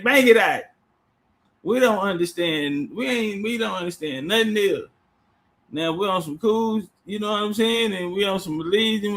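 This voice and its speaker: A man telling a story in a casual, animated, profane way, laughing often as he goes. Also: high voice.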